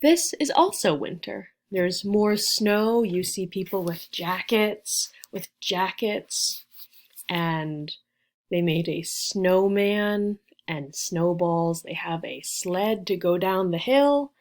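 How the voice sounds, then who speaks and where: A woman teaching a beginner English lesson, patiently sounding out letters and praising her learners. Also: fairly low pitch. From United States. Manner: slow, patient, encouraging, spells out sounds. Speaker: ESL teacher.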